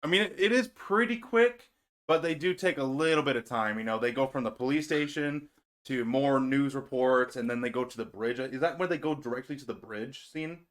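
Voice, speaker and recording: A man hosting a relaxed movie talk, speaking at a mid pitch. He talks loosely, swears freely and laughs easily. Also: fairly quick. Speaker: host. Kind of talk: casual movie discussion chat.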